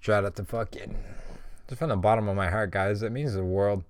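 Talking fairly quickly in a lowish voice, a young podcast host rants casually and heatedly, cursing nonstop and filling every line with "like" and "bro." The recording is dry.

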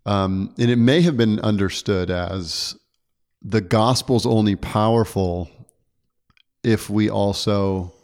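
A man who is a preacher, talking through a point in casual church chat, earnest and quick to correct himself. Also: lowish voice, a little mellow. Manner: earnest, self-correcting, laughs easily.

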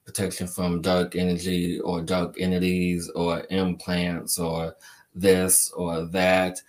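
A man hosting a spiritual live show who answers viewers' questions, speaking slowly and deliberately, stacking repeated phrases for emphasis and calling listeners "my dear.". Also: deep voice. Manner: affectionate, addresses listeners as my dear and my friend. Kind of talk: live-stream chat reading viewer questions.

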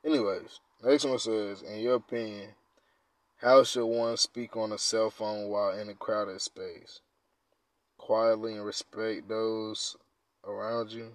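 A man hosting a casual podcast, reading quiz questions aloud and reacting in profane slang, dropping to mumbles and then bursting out loud. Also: fairly low pitch, little pitch movement, takes it slowly, no echo. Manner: laid-back, profane slang, swings from mumbling to loud outbursts. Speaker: podcast host.

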